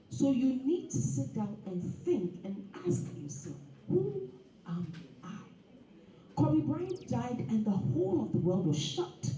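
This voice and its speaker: A woman giving an animated, preachy motivational talk at a dinner event. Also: on the high side. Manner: animated and preachy, with laughs and acted asides. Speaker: guest speaker. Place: event hall. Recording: echoey hall, speaker far from the mic.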